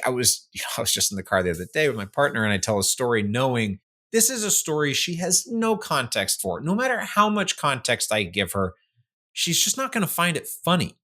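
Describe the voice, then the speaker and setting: A man co-hosting a podcast who chats casually and pokes fun at himself. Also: medium pitch. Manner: animated, self-deprecating, quick asides. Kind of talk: casual conversational chat.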